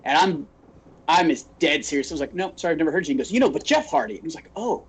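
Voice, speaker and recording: His voice is a little high and husky, and he talks fast. The man, a podcast co-host from Phoenix, Arizona, tells stories in relaxed chat and animatedly acts out the quotes along the way.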